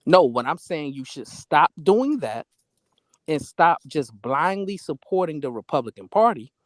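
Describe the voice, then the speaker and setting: A man debating on a talk show, measured and lecturing as he pushes back on the other speaker. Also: fairly high pitch, very animated, no room sound. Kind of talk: heated debate.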